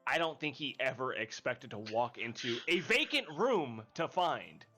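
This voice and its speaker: A man's voice: mid-range voice, measured pace, soft background music. A man running a tabletop game as game master, narrating scenes with lots of laughter. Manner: lively, laughing, voices townsfolk.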